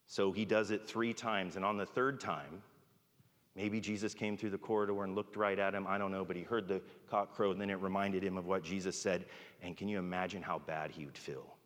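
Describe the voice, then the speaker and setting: A man's voice: low voice, normal speed, a bit bright. A man preaching a sermon in a conversational way, often checking in with "right?". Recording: long reverb of a large hall.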